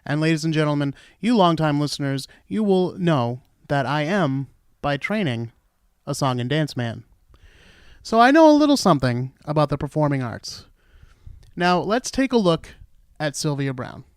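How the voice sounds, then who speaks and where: Guy doing his podcast, blunt and snarky, kinda high voice. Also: big pitch swings, normal speed, smooth, no room sound, clean studio sound. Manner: sarcastic, blunt and opinionated. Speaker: podcast host. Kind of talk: solo podcast commentary.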